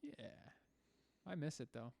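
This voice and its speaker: A man's voice: fairly high pitch, wildly swooping pitch, measured pace, vocal fry, warm tone, no room sound. A young man co-hosting a podcast in casual chat, easygoing, laughing often and calling his friend dude and bro. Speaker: podcast co-host.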